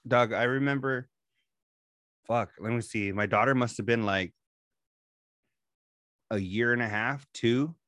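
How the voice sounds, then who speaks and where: A man in his thirties co-hosts a podcast, casually telling a profanity-filled story about his daughter and calling his partner "dog." His mid-range voice has a fairly bright tone and an unhurried pace with long pauses. The clean studio recording has no echo.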